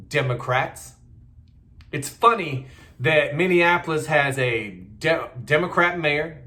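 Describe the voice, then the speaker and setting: A man's voice: a little high, fairly bright tone. A middle-aged man, giving a blunt, heated, repetitive political rant in a casual monologue. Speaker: political commentator.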